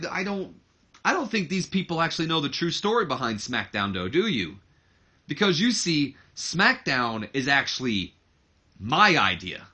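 A man's voice: on the high side, pushed and bright, husky, heavily acted. A man voicing a brash young heir to a wrestling company, taunting his father in a smug promo.

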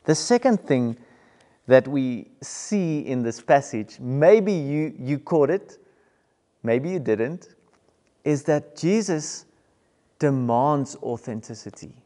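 A male pastor with a South African accent delivers a sermon in an earnest, emphatic manner, often repeating words for stress. His voice sits at an ordinary middle pitch. A long reverb from a church hall trails each phrase. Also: lively intonation, slow, mellow.

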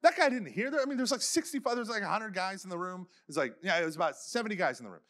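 A man's voice: sits high, animated, racing, fairly bright tone. A man giving a faith conference talk, telling stories casually with many "like" fillers and acting out the people he quotes. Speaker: conference speaker.

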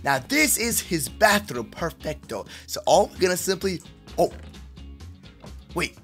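A man's voice: high voice, very animated, a little slow, soft background music. Hyped young man narrating a game. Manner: hyped, hushed stealth narration. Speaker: gaming video host. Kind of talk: energetic game commentary.

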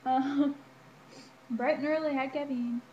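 A woman's voice: high voice, fairly even intonation, takes it slowly, a little mellow, dull audio. A young woman giving a casual personal health update, chatty with lots of ums and likes. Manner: chatty, frequent ums and likes, laughs between remarks. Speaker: vlogger. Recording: echoey room with faint ambient noise.

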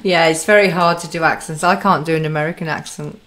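A woman's voice: low voice, fairly even intonation, fast talker, a bit bright. A woman hosting an interview, chatting casually and affirming her guest. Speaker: host.

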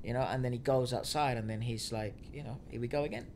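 A man's voice: medium pitch, quick pace, vocal fry, a little mellow. A man co-hosting a casual music reaction chat, explaining his views at length with small restarts. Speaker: co-host. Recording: faint noise, audio trouble said.

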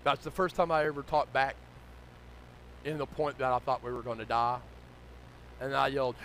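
Bright-voiced pastor preaching a sermon. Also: male voice, lively intonation, a little fast, long pauses, low-quality recording. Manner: swings from low conversational to loud shouting.

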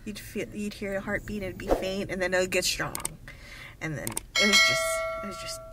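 Relaxed, giggly woman. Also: mid-range voice, fairly quick, heavy background noise. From Hawaii. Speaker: vlogger. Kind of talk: casual vlog chat.

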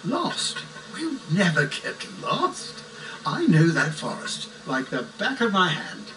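A man's voice: sits high, wildly swooping pitch, bright, forceful tone, slight background noise, full character voice. An actor playing a rambling, kindly old male psychic mentor in a game, folksy and wandering in his speech. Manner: folksy, wandering, slow-spoken. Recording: distant voice over game music.

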